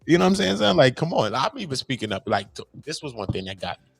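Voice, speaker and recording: A young man, casually telling a story as host, animated and swearing freely in street slang. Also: mid-range voice, quick pace, vocal fry, breathy edge, no room sound, faint music behind.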